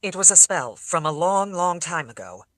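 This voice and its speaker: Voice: mid-range voice, animated, normal speed, a bit bright, no room sound, close to an everyday voice. An audiobook reader voicing an earnest young traveler who talks in a reassuring, kind-hearted way. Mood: steady. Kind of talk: audiobook character voice.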